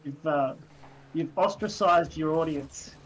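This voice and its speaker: A young man chatting on a podcast mic, his voice sitting a little high. He teases and jokes his way through casual talk. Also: slow, slight background noise, poor audio. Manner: joking, teasing. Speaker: podcast co-host. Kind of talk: casual chat.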